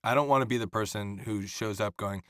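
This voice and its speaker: A man, a guest actor, telling stories in casual chat, animated and profane, acting out the voices of people he quotes. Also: on the low side, a little fast. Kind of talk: casual storytelling.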